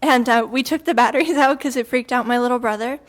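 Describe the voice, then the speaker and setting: A woman's voice: fairly high pitch, fast. A teenage girl on a youth radio team telling a spooky story in a chatty way, often laughing and using fillers. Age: teens. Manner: chatty, giggly, many fillers. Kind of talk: casual storytelling.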